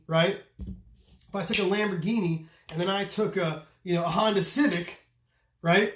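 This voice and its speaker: A man who runs a knife channel, talking loudly and passionately in a casual rant, swearing freely and asking rhetorical questions. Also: high voice. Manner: loud, passionate, voice carries; profane, repetitive restarts, rhetorical questions. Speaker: custom knife maker and channel host. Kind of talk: casual opinion rant to camera. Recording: echoey room.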